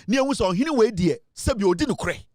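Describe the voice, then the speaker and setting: A man's voice: sits high, animated, brisk, darkish tone, no echo, studio quality. A Ghanaian man giving impassioned political commentary, emphatic and scolding, switching between Twi and English.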